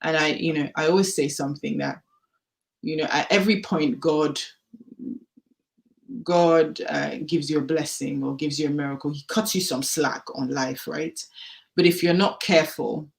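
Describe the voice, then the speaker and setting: A woman telling her personal story as a podcast guest, candid and animated, acting out the dialogue she recalls. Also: low-pitched, normal speed, gravelly. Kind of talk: personal testimony in a podcast interview.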